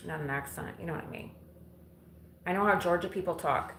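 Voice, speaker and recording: A woman's voice: fairly low pitch, fairly quick, a bit bright. A woman chatting bluntly and casually with live viewers while doing chores at home, answering their comments and swearing now and then. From Illinois. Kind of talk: casual live-stream chat. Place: home kitchen and living room, windows open. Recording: roomy home audio with faint background noise.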